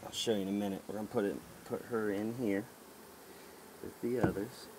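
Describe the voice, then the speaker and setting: A man vlogging outdoors as he works a beehive, talking to the camera in an excited, folksy way. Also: on the low side, brisk, a little hiss or hum. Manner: excited, folksy, talks to camera while handling hives. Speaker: beekeeper vlogger. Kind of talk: casual outdoor narration while working. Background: buzzing bees.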